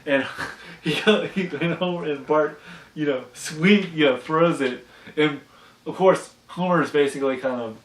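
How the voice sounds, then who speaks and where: Man, casual podcast recap, rambling, restarts, fairly high pitch, roomy echo. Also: unhurried, slight background noise. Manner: rambling, restarts a lot, acts out character quotes. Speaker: podcast co-host. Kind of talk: casual episode recap chat. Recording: echoey room, mic at a distance.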